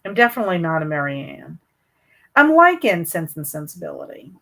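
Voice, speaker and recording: A woman's voice: fairly low pitch, big pitch swings, fairly quick, pushed and bright. A woman hosting a book livestream, chatting casually and reading out viewer comments, with a chatty, hesitant manner full of fillers and restarts. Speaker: booktube host reading live chat.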